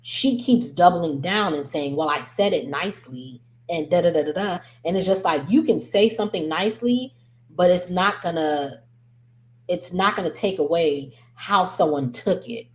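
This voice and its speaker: Woman recap vlogger, low voice, casual and opinionated, rambling with ums. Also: normal speed. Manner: chatty, digressive, frequent ums and self-corrections; slangy, opinionated commentary. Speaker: reality TV recap host.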